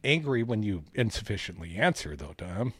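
A man co-hosting a casual news chat, reading out stories and adding animated, jokey asides. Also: lowish voice, normal speed, slightly rough, no room sound, studio quality. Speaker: podcast co-host.

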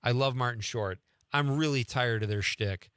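A male radio host in a friendly chat, his voice bright and clear, often stumbling over the first words of a sentence. The sound is dry and close to the mic. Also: medium pitch, moderate pace, no room sound. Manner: friendly, chatty, stammers on restarts. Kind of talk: casual chat.

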